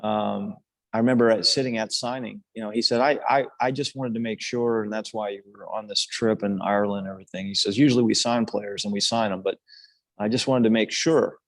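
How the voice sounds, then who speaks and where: A man's voice: fairly low pitch, fairly even intonation, brisk, vocal fry, dry recording. An older man, a former national team player, telling his story casually on a podcast, earnest and rambling with many restarts and fillers.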